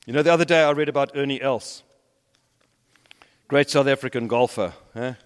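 A man delivers a sermon in a church hall whose long reverb trails after his words. He tells stories and swings between emphatic, rising peaks and low, hushed drops. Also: moderate pace, smooth. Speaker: preacher.

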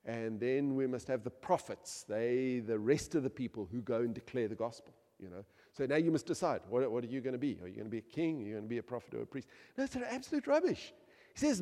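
A man preaching a passionate sermon, swinging from loud outbursts to hushed asides. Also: mid-range voice, lively intonation, fast, big-room sound. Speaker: pastor.

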